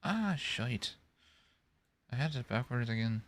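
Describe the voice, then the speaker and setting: A man with an animated, mid-range voice and a slow pace rambles to himself as he plays a building game. As a gaming video creator, he casually narrates each step while he works.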